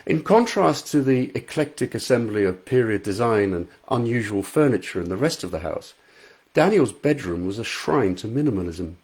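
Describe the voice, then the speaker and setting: A man's voice: medium pitch, expressive, normal speed, darkish tone, husky. A male author reading his own novel aloud in a live stream from his front room, chatting and laughing easily between passages.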